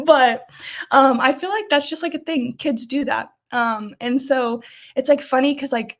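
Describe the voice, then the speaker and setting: A woman's voice: sits high, measured pace. A young woman in her twenties hosting a casual weekly live chat, rambling and laughing often.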